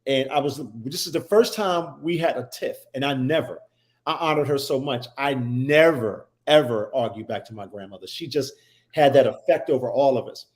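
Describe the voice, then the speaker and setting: A man's voice: mid-range voice, a little fast. A man who is a guest on a talk show, telling a personal story with emphasis and many restarts. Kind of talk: personal storytelling in casual chat.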